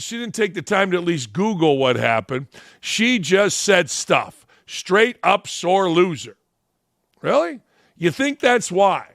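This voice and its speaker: A man's voice: high-pitched, fairly bright tone, no echo, studio quality. A middle-aged man hosting a sports talk show, ranting bluntly and mocking his targets. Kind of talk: opinion rant.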